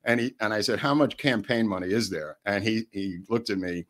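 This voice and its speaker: An older man, telling rambling family stories on a podcast, laughing often and jumping his voice up high when he quotes people. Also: fairly quick, a bit bright. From New York. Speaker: podcast co-host. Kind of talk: storytelling in casual chat.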